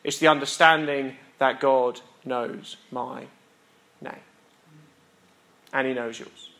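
Bright-voiced British male preacher. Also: medium pitch, steady tone, gravelly, roomy sound. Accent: British English. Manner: earnest, emphatic pauses, self-deprecating humor. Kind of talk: sermon with humorous anecdotes.

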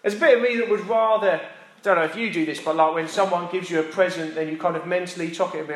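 A man's voice: high voice, fairly even intonation, quick pace. A man preaching a sermon in a chatty, self-deprecating way that builds to emphatic repetition, recorded in a church. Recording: roomy echo.

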